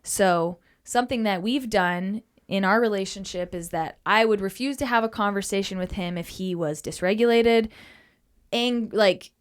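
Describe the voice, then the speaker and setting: A woman's voice: mid-range voice, normal speed, clean tone. A woman in casual talk about relationships who earnestly acts out the lines she quotes. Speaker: co-host.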